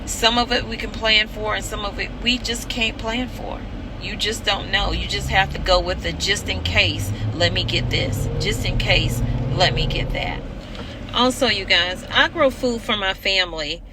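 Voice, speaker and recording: A woman's voice: medium pitch, normal speed, noisy background. A woman homesteading vlogger speaking straight to her viewers in an earnest, urgent way, repeating her points for emphasis. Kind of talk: earnest direct-to-camera vlog.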